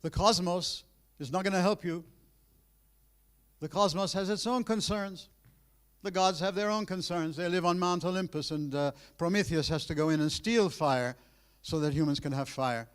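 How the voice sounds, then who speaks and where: A man giving a university lecture, animated and emphatic, with frequent restarts, addressing his students directly. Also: high-pitched, normal speed, smooth.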